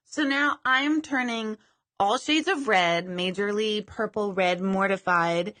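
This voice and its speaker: Chatty bright-voiced woman. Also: mid-range voice, slow pace. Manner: chatty, self-deprecating, swears casually. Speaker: psychic medium host of a live stream. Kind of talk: casual live-stream chat.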